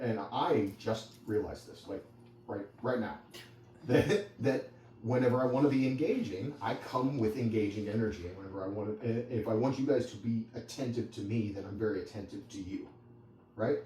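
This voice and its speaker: A man's voice: fairly low pitch, warm tone. A man who trains dogs, teaching a small group in a conversational, rambling way with anecdotes and asides. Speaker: dog trainer. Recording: echoey room, distant mic, faint background noise.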